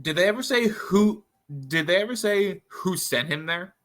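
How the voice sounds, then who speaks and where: A man's voice: sits high, expressive, normal speed, fairly bright tone. A man co-hosting a podcast, chatting casually and tossing in joking interjections. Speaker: podcast co-host. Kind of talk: casual chat.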